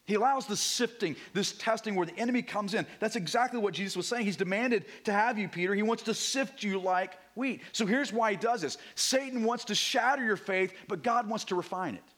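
A male pastor preaching a Sunday morning sermon, moving between hushed, intimate passages and emphatic, rising declarations. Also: sits high, a little fast, few pauses. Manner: swings from hushed to emphatic, repeats words when building a point.

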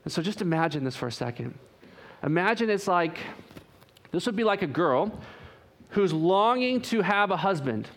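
A man preaching with a high voice. He swings from punchy, raised emphasis to quiet, slowed-down phrases, with a dramatic sermon delivery. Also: big pitch swings. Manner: dynamic preaching, swings from loud emphasis to hushed drawn-out phrases.

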